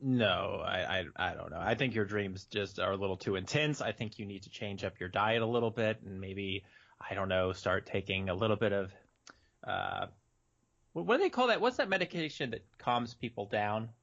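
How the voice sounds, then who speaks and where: A man's voice: fairly low pitch, moderate pace, creaky, a bit bright. A man co-hosting a podcast, chatting casually with dry, teasing banter and casual swearing. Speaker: podcast co-host. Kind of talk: casual chat. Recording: dull lo-fi recording.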